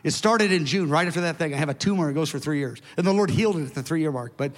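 A man in his seventies preaching a sermon to his church, telling a story in an animated, emphatic way with conversational asides. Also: on the high side, fast talker. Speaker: pastor. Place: large church hall. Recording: long hall reverb.

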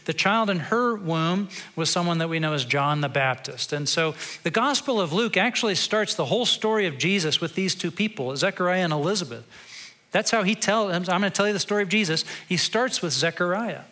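A male pastor giving a sermon in a conversational, storytelling way, turning quiet and reflective at times. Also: high-pitched, animated, fairly quick.

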